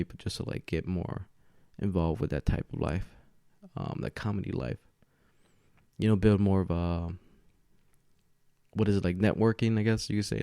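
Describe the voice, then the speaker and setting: This podcast host's voice is low-pitched and mellow, with vocal fry and studio-quality audio free of room sound. He's on his own at home, slightly tipsy from tequila, chatting in a loose, rambling way and laughing a lot, using a podcast mic with a camera setup.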